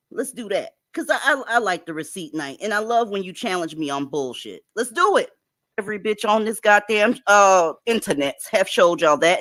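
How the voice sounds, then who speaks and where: A woman's voice: medium pitch, fairly bright tone, no echo, studio quality. A woman hosting a profane reaction commentary, talking bluntly and swearing freely as she goes through clips. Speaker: commentary host.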